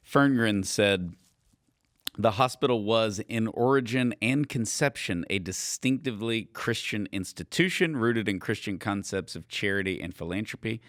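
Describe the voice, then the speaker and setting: Low-voiced man, dry close podcast sound. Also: a bit bright, dry recording. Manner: joking, reads quotes aloud. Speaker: podcast host. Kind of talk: casual podcast chat.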